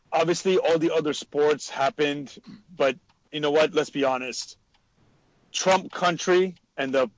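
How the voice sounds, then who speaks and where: A man's voice: medium pitch, no room sound. A man from Texas, co-hosting a casual sports chat and rambling in a loose, opinionated way with many fillers. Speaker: podcast co-host. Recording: dull dry lo-fi audio.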